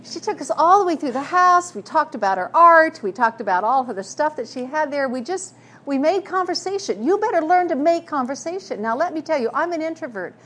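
A woman's voice: high voice, animated, brisk, a bit bright. A woman preaching a sermon, telling personal stories in an earnest way with frequent restarts. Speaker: speaker.

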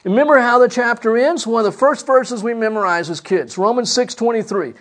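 A man's voice: very high-pitched, a little fast. A man preaching a sermon, emphatic, asking the congregation rhetorical questions.

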